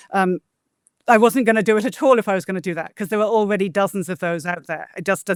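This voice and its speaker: A woman with a lowish voice is recorded in studio quality with no room sound. She's a translator being interviewed as a guest, explaining poetic meter in a scholarly way and tapping out rhythms aloud.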